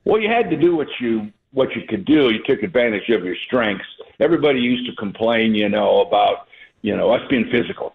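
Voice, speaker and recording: A man's voice: mid-range voice, animated, brisk, vocal fry. An older man, a retired basketball coach, telling folksy stories as a guest on a radio sports show, with an easy chuckle. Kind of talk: radio interview storytelling. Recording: phone-line call-in audio.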